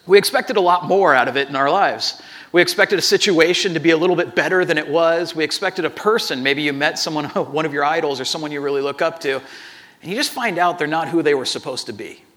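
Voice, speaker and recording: A man giving a sermon, telling a personal story with animated acted-out dialogue and frequent restarts. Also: a little high, fast.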